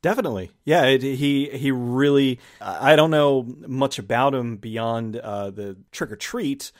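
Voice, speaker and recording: A man's voice: mid-range voice, unhurried. Chatty man reviewing a horror comedy. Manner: rambling, restarts phrases, acts out reactions. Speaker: host of a movie review channel. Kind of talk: casual movie review chat.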